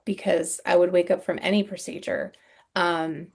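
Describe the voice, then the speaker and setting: A middle-aged woman speaking candidly in a podcast interview, halting and earnest, with frequent ums and soft sighs. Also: on the low side, fairly even intonation, husky. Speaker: guest sharing her story.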